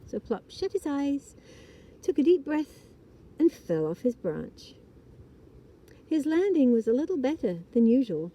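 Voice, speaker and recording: A woman reading a children's book aloud in a gentle, expressive storytelling style. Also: sits high, unhurried, pauses often, lo-fi sound. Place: outdoors in a hammock.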